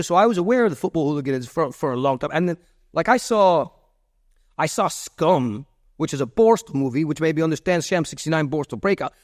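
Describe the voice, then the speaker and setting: Rambling man, fairly high voice. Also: no echo, studio quality. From Miami, USA. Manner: loose, repetitive, with many restarts and fillers. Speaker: podcast guest. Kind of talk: rambling interview storytelling.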